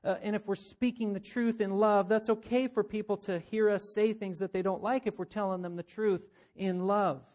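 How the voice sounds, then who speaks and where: A man's voice: high-pitched, steady tone, normal speed, few pauses, a little mellow. A man preaching a sermon, earnest and questioning, often voicing imagined listeners as he speaks. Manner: earnest, uses rhetorical questions and quoted voices. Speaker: pastor.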